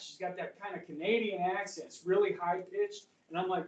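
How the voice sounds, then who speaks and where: A high school history teacher gives a chatty, rambling classroom lecture, often checking in with students. His high voice moves fairly quickly with few pauses, heard from far off in an echoey classroom.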